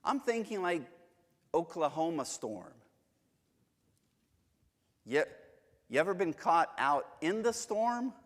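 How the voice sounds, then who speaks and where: A man's voice: on the high side, very animated, slow, long pauses, long reverb tail. A man teaching a Bible class in a casual, joking way, telling stories from home. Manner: chatty, joking, storytelling. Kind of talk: casual church lesson with anecdotes. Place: church hall.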